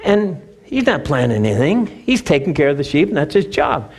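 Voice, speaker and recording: Animated, high-voiced preacher. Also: male voice, moderate pace, husky. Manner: animated storytelling with emphatic repeats. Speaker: pastor. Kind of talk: sermon.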